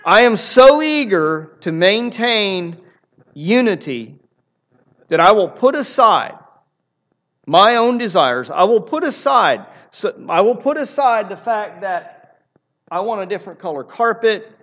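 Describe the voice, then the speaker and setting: A man's voice: high voice, very animated, a little slow, fairly bright tone. A man preaching a sermon in an earnest, emphatic way, often repeating phrases for emphasis. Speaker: pastor.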